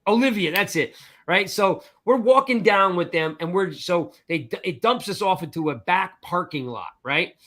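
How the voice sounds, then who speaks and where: A man co-hosting a sports talk show, telling a long anecdote in a lively, chatty way, acting out the other people's voices. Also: high-pitched, moderate pace. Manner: animated storyteller, acts out voices, repeats "I'm like" and "right?". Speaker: podcast co-host. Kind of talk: casual storytelling chat.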